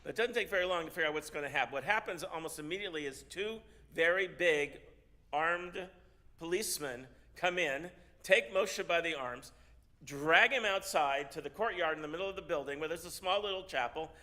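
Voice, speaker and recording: Bright-voiced man telling a story. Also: fairly high pitch. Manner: halting, repeats words often, animated. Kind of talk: storytelling sermon. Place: synagogue service.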